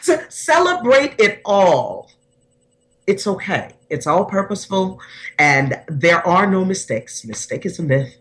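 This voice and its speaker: A woman's voice: lowish voice, very animated, measured pace. A woman personal development coach speaking earnestly and from the heart as a podcast guest, often restarting her sentences.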